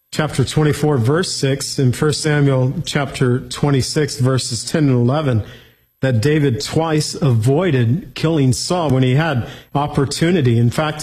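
Bible teacher, male, slightly husky voice, reads the verses and then explains them simply. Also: medium pitch, a little mellow, rough recording. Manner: reads scripture aloud, then explains it plainly.

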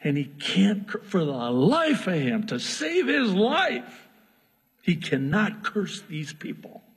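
A man preaching a sermon, telling a story in a lively, joking way with asides. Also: high voice, slow pace, husky. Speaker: pastor. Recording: long hall reverb.

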